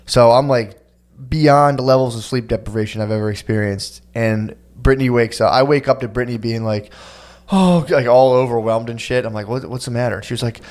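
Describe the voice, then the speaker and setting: A man's voice: mid-range voice, steady tone, brisk, a little mellow. A man co-hosting a podcast, telling a rambling, profane story in casual chat. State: new father. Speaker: podcast co-host.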